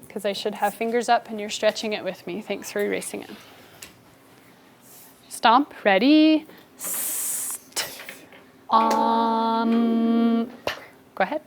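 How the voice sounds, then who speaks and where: A woman teaching a first grade spelling lesson, giving brisk, encouraging instructions to her class. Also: fairly high pitch, steady tone, background noise.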